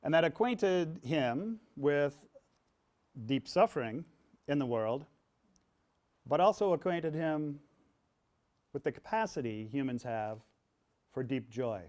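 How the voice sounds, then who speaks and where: A man's voice: a little high, lively intonation, slow, pauses often, a little mellow. A middle-aged man, an author and pastor, speaking to an audience with humor and quotes delivered with rising emphasis. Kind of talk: public talk before an audience. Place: event hall with audience.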